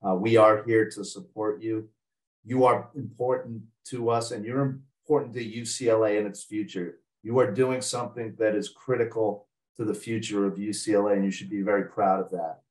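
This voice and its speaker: Low-voiced man, a bit off-mic. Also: fairly even intonation, distant mic, rough recording. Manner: measured, with frequent fillers. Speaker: finance program presenter. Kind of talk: scripted informational briefing.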